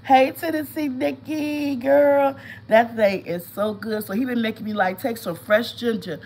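Down with a head cold, a sniffly, congested woman in her fifties lounges at home on a casual live stream, spinning a long story and saying hello to viewers by name. She has a fairly high but darkish-toned voice, speaks at a measured pace, and the audio is poor.

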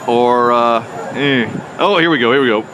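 A man's voice: mid-range voice, normal speed. A man filming a casual walking vlog outdoors, making dry sarcastic asides on a handheld camera. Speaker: vlogger. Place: outdoors on city streets. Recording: outdoor street noise. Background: street traffic noise.

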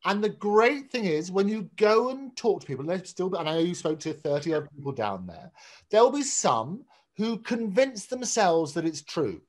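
A male interviewer whose pitch moves in a lively, rising-and-falling way as he prompts his guest. He asks questions and draws out the guest in an easy, conversational manner. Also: normal speed. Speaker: host, interviewer.

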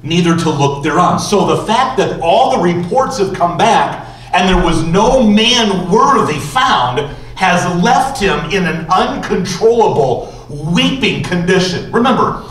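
A male pastor preaching a sermon slowly and emphatically, with dramatic pauses. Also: high-pitched, a bit bright. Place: church sanctuary. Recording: roomy church echo from far off.

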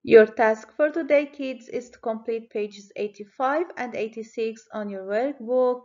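A woman teacher giving a children's phonics lesson, speaking clearly and encouragingly. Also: on the high side, warm tone, highs cut off. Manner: slow, clear, encouraging classroom delivery.

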